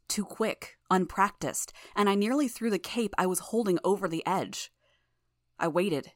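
A woman narrating a fan audiobook in the first person with a measured, even reading. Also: lowish voice, no room sound, clean studio sound.

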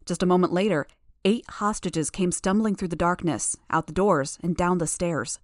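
In a dry recording without any room sound, a woman narrates a first-person audiobook chapter. Her voice is lowish and her reading stays steady and measured.

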